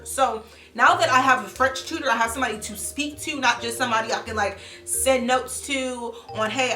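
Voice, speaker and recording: A chatty young woman vlogger from Columbus, Ohio, USA, gives a casual review of a language course. Her voice is on the high side and animated, full of fillers like "like." The room is echoey, with music playing behind her.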